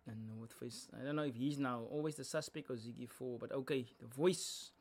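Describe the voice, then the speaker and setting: This young South African reaction-video host has a mid-range voice that's a little mellow and slightly rough, moving fairly quickly. He's chatty, breaking down lyrics along the way and mixing in slang as he switches codes.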